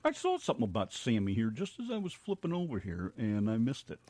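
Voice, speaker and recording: An American man co-hosting a casual online radio show, joking and teasing with loud laughs. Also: mid-range voice, huge pitch swings, fast talker, no echo. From United States. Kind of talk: casual banter with co-host and chat.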